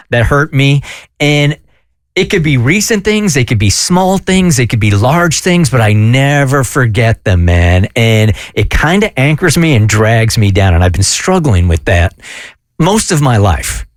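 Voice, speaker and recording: A man's voice: medium pitch, no echo, studio quality. A man hosting a radio show, talking earnestly and confessionally in a casual chat.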